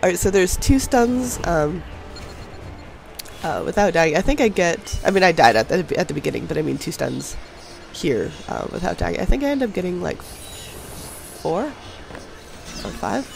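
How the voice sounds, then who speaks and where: A young man talks through his match in a relaxed voice-over, his nose clearly stuffed up from a cold. He rambles, jokes at his own expense and chuckles often. Soft music plays faintly underneath. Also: sits high, measured pace. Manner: chatty, self-deprecating, laughs often. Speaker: gameplay commentator. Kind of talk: casual voice-over game commentary. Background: faint background music.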